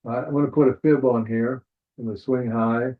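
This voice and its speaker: A man's voice: medium pitch, steady tone, brisk. Man teaching trades over tinny webinar audio. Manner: casual, repeats "all right" often, thinks aloud. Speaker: forex trading instructor. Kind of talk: live webinar chart walkthrough.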